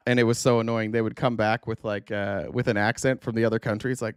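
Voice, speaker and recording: Lowish voiced guy hosting a live stream, jokey and blunt, dead dry close sound. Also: flat delivery, fast, smooth, no room sound. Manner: joking, blunt, swears casually. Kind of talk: casual live-stream chat.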